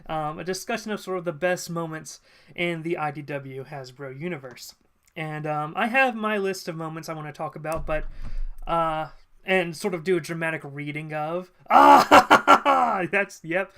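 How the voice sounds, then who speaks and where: A live streamer in casual chat at a desk mic, talking loosely with frequent ums and quick laughs. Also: mid-range voice, a bit bright. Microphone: desk mic at a computer.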